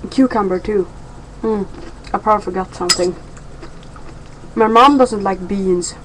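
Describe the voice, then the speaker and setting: A woman's voice: medium pitch, steady tone, measured pace, long pauses, slight background noise, rough recording. A young woman chatting in a rambling, playful way in a casual daily vlog from home. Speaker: vlogger.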